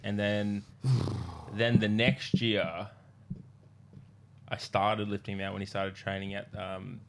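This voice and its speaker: Joking, swearing podcast host. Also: male voice, lowish voice, gravelly, slight background noise. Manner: swearing, joking, tells anecdotes. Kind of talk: casual chat.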